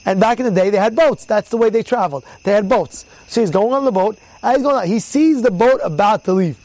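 A man with a notably high voice leads an informal Torah class as a rabbi. He talks in a lively, storytelling way, repeating words for emphasis and loudly acting out the people in his stories. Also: fast, no echo, low-quality recording.

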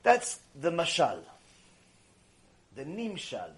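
A man giving an impassioned mussar lecture, exhorting his listeners and swinging between hushed and loud. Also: a little high, wildly swooping pitch, takes it slowly. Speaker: Torah lecturer.

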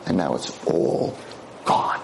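A man's voice: takes it slowly, reverberant, a little hiss or hum. A man giving a lecture to a class of girls, telling a dramatic story and acting out its characters.

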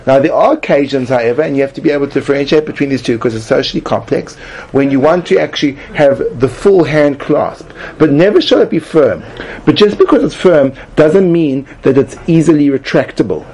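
A man's voice: on the high side, fairly quick, few pauses, mellow, husky. Rambling man giving a mock lesson. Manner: rambling, repeats and restarts, frequent "like". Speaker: comedic class presenter. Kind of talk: mock-instructional comedy talk.

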